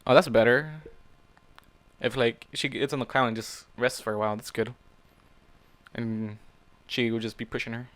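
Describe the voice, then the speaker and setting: A man's voice: mid-range voice, steady tone, normal speed, pauses often, a bit bright, dry recording. A man reading fan fiction aloud in a casual way, stopping to react and swear at the story. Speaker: fanfic reader.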